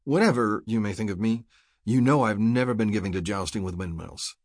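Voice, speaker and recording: A man reading a sarcastic, stubborn ex-covert operative who has been drinking, with a husky low voice. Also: brisk, no room sound, clean studio sound. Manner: sneering, mulish, drinking.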